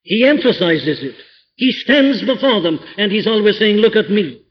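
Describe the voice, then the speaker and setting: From a church pulpit, an older man from Wales preaches in a high, expressive voice at normal speed, quoting old-English scripture with ringing emphasis. The archive recording is dull and lo-fi, and a long reverb lingers behind him.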